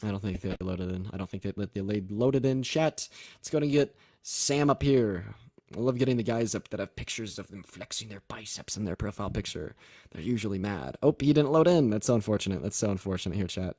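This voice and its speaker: A man's voice: on the low side, animated, brisk, dark tone, no echo, clean studio sound. A nineteen-year-old man hosting a livestream debate, chatting casually, thanking viewers and laughing often. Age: young adult.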